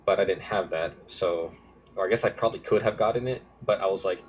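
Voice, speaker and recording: A young male music producer with a low voice casually walks through his project file in a screen-recorded tutorial. He talks fairly quickly with a fairly even intonation, rambling offhandedly and correcting himself as he goes. A little hiss or hum sits under the recording.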